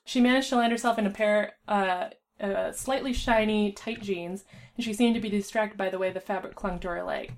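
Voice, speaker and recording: Woman, casual story reader, stumbles and restarts, mid pitch. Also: steady tone, brisk. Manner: stumbles and restarts while reading. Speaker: fan fiction reader. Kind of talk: casual reading aloud with voices.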